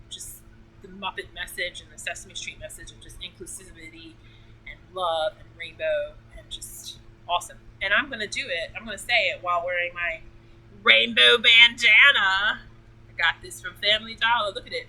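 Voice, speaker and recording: A woman's voice: on the low side, bright, forceful tone, a little hiss or hum, poor audio. A woman hosting a casual talk, enthusiastic and emotional, rambling with many fillers. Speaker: podcast host.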